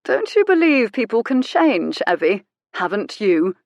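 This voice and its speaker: A woman's voice: a little high, sing-song, a little slow, dry recording, highs cut off, voice pushed up. A woman reading an audiobook, voicing a smug, cruel aristocratic man in a self-satisfied, sneering manner. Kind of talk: audiobook character voice.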